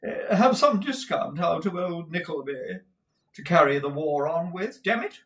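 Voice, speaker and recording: A man reading aloud and voicing a foppish, extravagant husband who gushes florid endearments in a high, swooping voice. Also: lively intonation, measured pace, fairly bright tone, reverberant. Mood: gushing.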